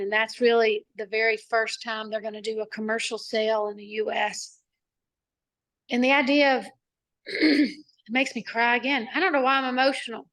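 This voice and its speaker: Chatty high-voiced woman on a video call. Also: a bit bright. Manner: chatty and rambling, with many asides and fillers. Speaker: nonprofit founder, interview guest. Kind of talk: casual live video-call interview answers.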